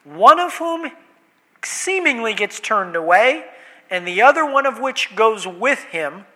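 A man preaching a sermon, animated, swinging between loud emphasis and hushed asides. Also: very high-pitched, unhurried. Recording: long reverb of a hall.

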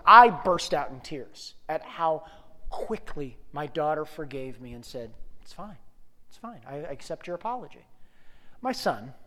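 Male pastor, 30s, story-driven sermon, swings loud to hushed, long church reverb. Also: on the high side. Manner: animated storytelling, rising to loud bursts and dropping to soft prayer. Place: church sanctuary.

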